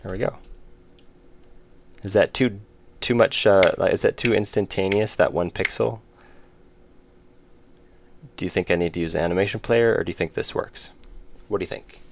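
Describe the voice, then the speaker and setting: A man's voice: low-pitched, moderate pace, gravelly, long pauses, slight background noise. A man streaming his indie game development, chatting casually and rambling with chat while he works. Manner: rambling, self-interrupting, chuckling.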